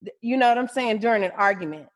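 A woman's voice: fairly high pitch, lively intonation, quick pace. A woman in her twenties co-hosting a podcast in casual chat, speaking frankly and bluntly. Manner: frank and blunt, with many restarts. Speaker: podcast co-host.

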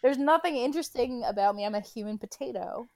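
A woman's voice: on the high side, animated, fast talker, darkish tone. Blunt self-mocking woman in casual chat. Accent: none, general American. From south of Boston, raised in New Hampshire.

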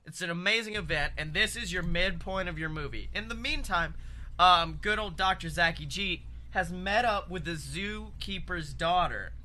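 A man co-hosting a comedy podcast, pitching an absurd story in an excitable, rambling way with heavy swearing. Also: moderate pace. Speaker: podcast co-host.

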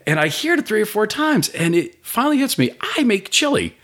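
Animated man telling a story. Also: high voice, brisk. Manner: animated storyteller, swears, acts out voices. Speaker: guest, food business owner. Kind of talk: casual storytelling.

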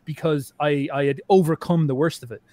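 Casting: quick-talking man, podcast guest, loose, rambling, swears a lot. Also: a little high, steady tone, dark tone. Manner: rambling, swears often, many restarts and fillers. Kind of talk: casual conversation.

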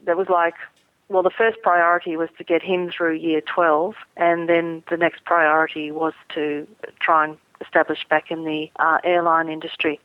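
A middle-aged woman, an airline pilot, speaking earnestly and measured as a guest in a phone interview. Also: low voice, level tone, no echo. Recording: tinny phone line.

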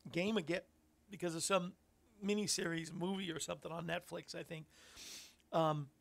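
Male Christian radio host, rough gravelly voice, loose musing scripture commentary. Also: high voice, fairly bright tone. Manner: reflective, rambling preaching with fillers.

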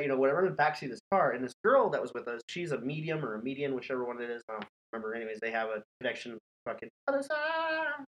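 A man's voice: a little high, fairly bright tone, low-quality recording. A man hosting a podcast, telling a scary story in casual, profane chat and laughing often. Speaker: podcast host.

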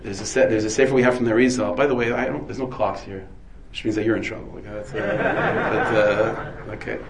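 A man's voice: fairly low pitch, fairly quick, a crowd in the background, poor audio. A man, a rabbi, giving a Torah lecture full of Hebrew terms, asking and answering his own questions. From United States. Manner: dense with Hebrew and Yiddish terms.

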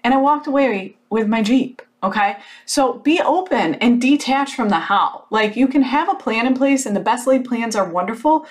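A woman speaks to her audience in a casual motivational talk, telling the story with animated emphasis and filling it with "like." She is blunt and unfiltered and does not mind a curse word now and then. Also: a little high, moderate pace, few pauses. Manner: blunt, occasional swearing.

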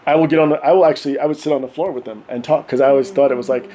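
A middle-aged man telling animated stories in casual podcast chat, often acting out voices and laughing. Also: medium pitch, very fast. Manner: animated, acts out voices of his kids and himself, laughs often. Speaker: podcast guest.

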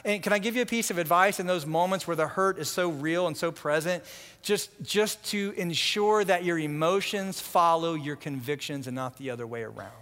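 High bright-voiced male preacher. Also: big-room sound. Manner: animated, acts out quoted voices, repeats words. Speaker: pastor. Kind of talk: sermon.

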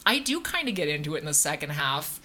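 A young woman co-hosting a casual film-review chat, animated and blunt, swearing freely and mocking the characters. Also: sits low, soft background music. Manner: animated, swearing, quick to mock.

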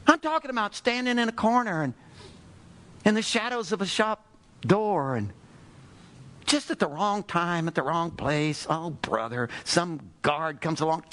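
Speaking in a fairly high pitch, a man gives an animated sermon filled with exclamations, a barrage of rhetorical questions, and sighing asides of "oh, brother".

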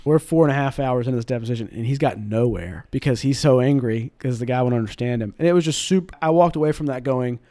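A man's voice: mid-range voice, no room sound. Young man with mild Southern accent, dry sound. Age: 20s. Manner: animated anecdotes, brisk delivery. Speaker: guest, in-house general counsel. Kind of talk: storytelling in an interview.

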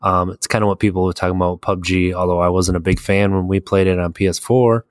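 A man with a very deep voice tells gaming stories in a loose, conversational way and laughs at his own tales. The sound is dry and close, with no room around him. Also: flat delivery, fast talker, dry recording. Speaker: podcast co-host. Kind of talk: casual chat about video games.

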